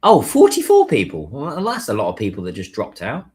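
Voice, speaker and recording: A man's voice: medium pitch, huge pitch swings, brisk, a little mellow. A man chatting casually on a livestream while he waits in a taxi queue, musing aloud and answering viewers' comments. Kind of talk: casual live-stream chat.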